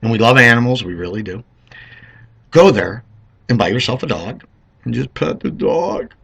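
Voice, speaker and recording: A middle-aged man giving a sarcastic comic rant on his vlog, mocking and swinging between loud outbursts and mumbles. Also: medium pitch, expressive, moderate pace, gravelly, slightly rough. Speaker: political vlogger.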